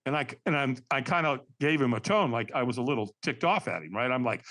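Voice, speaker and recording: A man's voice: medium pitch, big pitch swings, fast talker, a bit bright. A man on a podcast telling a story, acting out quotes in shifting voices and calling the host Doc. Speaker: podcast guest, firewalking instructor. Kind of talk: animated storytelling.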